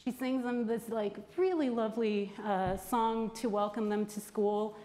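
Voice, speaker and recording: Conference host, woman in her thirties, higher voice, storytelling with pauses, reverberant hall. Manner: storytelling, warm anecdotal delivery with pauses. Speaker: conference host introducing candidates. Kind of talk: speech to a conference audience.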